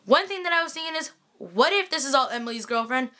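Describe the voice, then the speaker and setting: Bright-voiced young woman gushing as a fangirl. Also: sits high, animated, quick pace. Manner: gushing, sighing fangirl talk full of "like" and "freaking". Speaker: TV recap vlogger. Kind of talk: casual excited recap chat to viewers.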